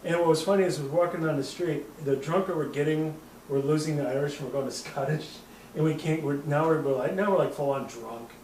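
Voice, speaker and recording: A man's voice: a little high, brisk, a little mellow, recorded from a distance, a little hiss or hum. Rambling profane man telling a bar story. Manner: rambling, profane, laughing at his own story. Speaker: host. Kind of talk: casual storytelling chat. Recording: roomy, off-mic with faint ambience.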